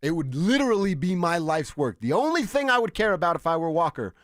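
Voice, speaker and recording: A man from Colorado co-hosting a sports talk radio show, passionate and quick, often stammering into restarts at a studio microphone. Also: a little high, big pitch swings, a bit bright, dry recording. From Northglenn, Colorado.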